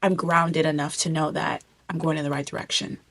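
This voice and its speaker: A young woman speaks straight to her camera in a heartfelt personal vlog, gushing and circling back over the same words. Her voice sits on the low side and has a gravelly, crackly edge, and she comes close to tears at times. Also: flat delivery, a little fast, fairly bright tone. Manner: gushing, repetitive, tearful at times. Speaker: vlogger. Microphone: camera mic.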